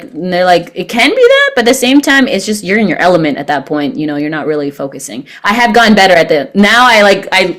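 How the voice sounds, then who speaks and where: A woman chatting casually on a podcast, a therapist who also sings in a band, telling lively stories and acting out what people said. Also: on the low side. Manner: animated storyteller, acts out quoted remarks. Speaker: guest, therapist and band singer.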